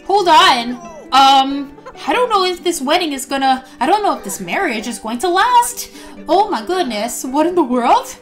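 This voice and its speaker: A woman narrates her game with bubbly, gushing excitement, gasping and squealing at each moment. Her voice sits high and bright for a woman. Faint music plays underneath. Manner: bubbly and gushing, frequent gasps, quick quoted character asides. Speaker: gaming YouTuber narrating gameplay. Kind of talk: excited let's-play commentary.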